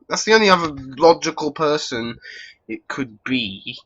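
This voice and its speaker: A man's voice: fairly high pitch, expressive, measured pace, sharp tone, slightly rough. Wry man casually playing a game. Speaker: let's play host. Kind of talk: casual game commentary and reading. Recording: dull lo-fi recording.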